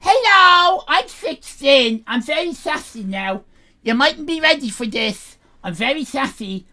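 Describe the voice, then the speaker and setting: A woman's voice: sits high, lively intonation, unhurried, heavily acted. A woman playing a brash sassy Irish teen girl. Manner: brash, shouty, rambling to herself. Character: sassy sixteen-year-old Irish girl, brash and loud. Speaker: livestream host in character. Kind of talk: improvised character comedy on a live stream.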